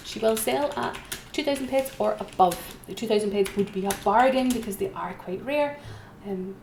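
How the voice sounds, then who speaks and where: Woman auction host, chatty and self-mocking, echoey room, soft typing behind. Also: mid-range voice, normal speed, creaky, a little hiss or hum. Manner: chatty, self-mocking, repeats calls for bids. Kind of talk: live-streamed auction commentary. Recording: roomy echo, faint keyboard typing.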